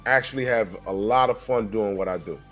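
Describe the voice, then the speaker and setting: A man in his forties giving animated, casual commentary on a comic book, talking straight to his viewers. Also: on the low side, brisk, faint music behind. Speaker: comic book reviewer and artist.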